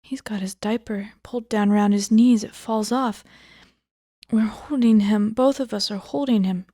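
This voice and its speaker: A woman giving a cold reading of a book aloud, often dropping into a hushed whisper. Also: mid-range voice, steady tone, moderate pace, no echo, studio quality. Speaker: audiobook reader.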